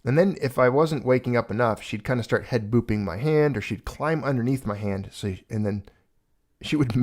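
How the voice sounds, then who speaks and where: A man's voice: lowish voice, a little mellow. A man hosting a casual livestream, talking in a rambling, earnest way and getting choked up at times. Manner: rambling, earnest, emotional when speaking of a lost pet. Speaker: livestream host.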